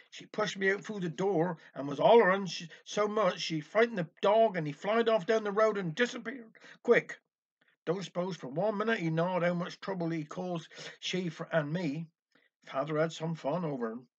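Brief: man, high voice, folksy dialect storytelling, dull lo-fi recording. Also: normal speed, breathy edge. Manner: chatty folksy narration with old sayings.

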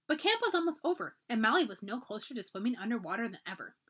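A librarian reads a children's chapter book aloud, her pitch a little high and very lively. She tells the story expressively, like a read-aloud for young listeners. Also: quick pace, slightly rough.

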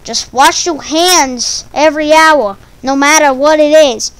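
A woman's voice: sits high, unhurried, a bit bright, no room sound, rough recording. A woman rambling through a silly, stumbling casual monologue for her video channel. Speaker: video creator.

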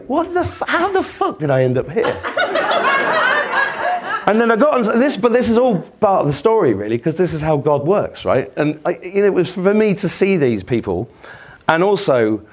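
Sweary, rambling older Englishman. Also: a little high. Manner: sweary, rambling, self-mocking. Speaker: podcast host giving a talk. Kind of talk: comic storytelling talk to a live audience.

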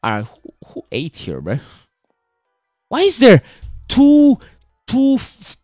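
A young man gives loose, joking commentary over a horror game, peppering his lines with "bro". His voice swings widely up and down in pitch. It sits dry and close on the mic, with faint music playing behind him. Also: no echo. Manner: joking, chatty, keeps saying "bro". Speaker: gaming video host.

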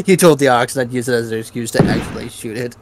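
A man's voice: medium pitch, animated, quick pace, a little mellow, slight background noise. A man co-playing a video game, teasing his partner with dry remarks in casual banter. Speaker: co-player.

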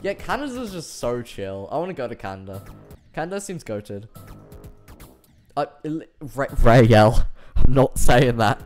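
A man's voice: mid-range voice, big pitch swings, a little slow, a little mellow, faint music behind. A British man streaming a game live, chatting casually, laughing often and reading chat messages aloud.

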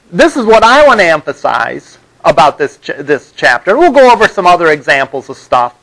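A man's voice: high-pitched, gravelly, fairly bright tone, low-quality recording. A man teaching a college web development class, explaining patiently and often checking in with "all right?". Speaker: college instructor. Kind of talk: classroom lecture.

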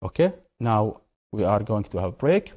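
Mellow-voiced man teaching grammar. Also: lowish voice, big pitch swings, moderate pace. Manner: asks questions and answers them himself, repeating key words. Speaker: English teacher. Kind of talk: televised grammar lesson.

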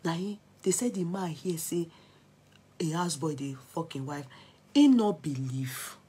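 Husky Nigerian woman gossiping excitedly. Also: low-pitched, measured pace. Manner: excitable, mixing Pidgin and Yoruba, laughing asides. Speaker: gossip vlogger. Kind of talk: animated gossip commentary.

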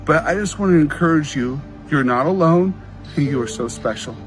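A man's voice: on the high side, lively intonation, moderate pace, faint music behind, poor audio. A man who speaks at school assemblies telling a personal story to kids in a heartfelt, encouraging way, acting out the quoted lines. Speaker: motivational speaker.

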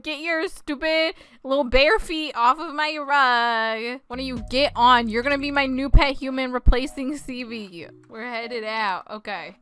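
A young woman giving casual, excitable gameplay commentary, often breaking into shrieks and laughter. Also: a little high, a little slow, smooth. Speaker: gaming YouTuber.

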